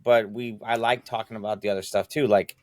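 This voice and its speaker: A man's voice: on the low side, fairly even intonation, a little fast, a little mellow. A man co-hosting a podcast in casual chat, enthusiastic and rambling, swearing freely. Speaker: podcast co-host.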